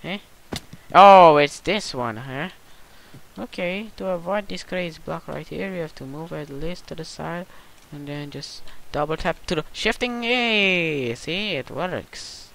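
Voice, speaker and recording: A gameplay commentator in casual, goofy play-by-play who squeals and yells at jumps and mutters between them. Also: medium pitch, unhurried, creaky, low-quality recording.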